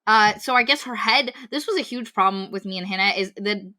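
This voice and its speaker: Bright, animated woman podcast co-host. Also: mid-range voice, fairly quick. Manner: animated, exasperated critique. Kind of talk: casual book-review chat.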